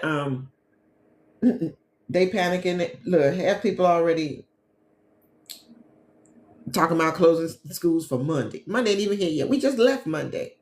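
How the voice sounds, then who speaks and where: Animated woman hosting a chatty livestream. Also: fairly low pitch. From Gary, Indiana, USA. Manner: chatty, animated, talks straight to viewers as "y'all". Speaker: host, travel agent and business coach. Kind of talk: casual livestream chat with viewers. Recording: echoey room with faint ambience.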